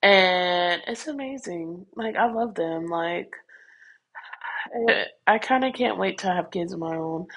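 Husky young woman rambling to her viewers. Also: lowish voice, low-quality recording. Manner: animated, swearing, addresses listeners as y'all. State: stuffy with sniffles. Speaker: vlogger. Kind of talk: casual rambling monologue.

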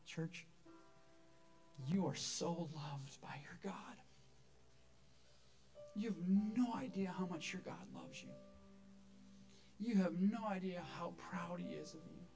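Male pastor, earnest sermon, slightly high voice, faint music bed. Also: takes it slowly, long pauses, a little mellow. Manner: earnest, repeats words when stressing. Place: church sanctuary.

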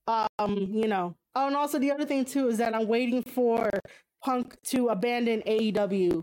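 A woman's voice: moderate pace, a little mellow. Blunt, profane woman ranting casually. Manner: blunt and profane, frequent fillers; laughs and jumps to high exclamations. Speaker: streamer reading chat. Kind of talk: casual opinionated chat.

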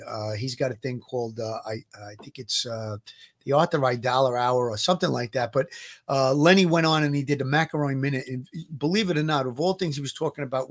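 A man, co-hosting a casual talk show, rambling with lots of fillers and repeats. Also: medium pitch. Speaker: co-host. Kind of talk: casual chat.

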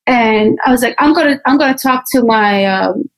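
A young woman from Pakistan telling her personal story in an interview, candid and animated, acting out what people said. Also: a little high, moderate pace, poor audio. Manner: candid, animated, acts out quotes. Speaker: interview guest.

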